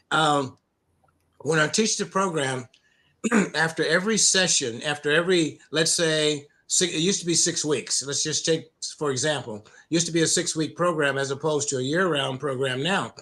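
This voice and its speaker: A middle-aged man from the United States, a program founder telling stories in an interview, with many restarts and an occasional cleared throat. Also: on the high side, bright, forceful tone. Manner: halting, many restarts and repeated words. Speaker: anti-bullying program founder, guest. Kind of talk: conversational interview storytelling.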